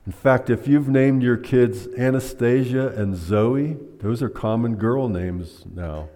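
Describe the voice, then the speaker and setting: A man's voice: mid-range voice, takes it slowly, mellow. A man preaching a sermon, teaching by asking the congregation questions. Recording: long hall reverb.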